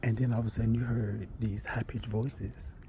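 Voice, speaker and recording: A man telling a long, rambling personal story in a chatty way, with asides and self-corrections, sometimes dropping to a hush. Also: fairly low pitch, flat delivery, normal speed, creaky, background noise.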